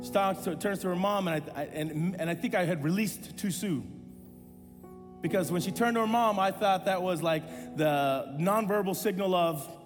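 Guy pastor telling a story in a sermon, kinda high voice, big hall echo, music under it. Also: moderate pace. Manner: storytelling, animated and self-deprecating humor.

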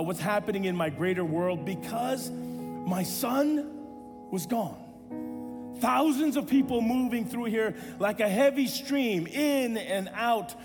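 A man in his thirties, a pastor, preaching a sermon and telling a personal story with animated self-deprecating humor. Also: sits high, long reverb tail.

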